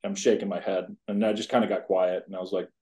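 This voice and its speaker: A man's voice: sits low, level tone, fast, mellow. A man in his fifties, a college tennis coach, telling a personal story in a podcast interview with an earnest, rambling manner full of asides. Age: 50s.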